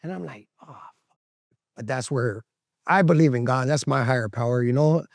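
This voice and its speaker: A man's voice: mid-range voice, a little fast, vocal fry, dry recording, studio quality. A man telling a candid, emotional story to the camera, slangy and swearing, acting out the voices of people in it. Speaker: interviewee telling his recovery story. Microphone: camera interview setup.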